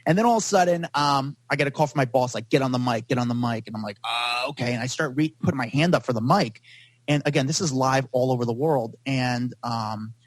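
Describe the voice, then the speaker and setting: Fast-talking male guest, loose and rambling, dry studio sound. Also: medium pitch, dry recording. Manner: rapid, rambling, heavy use of "like". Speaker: paparazzo guest. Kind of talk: storytelling in a podcast interview.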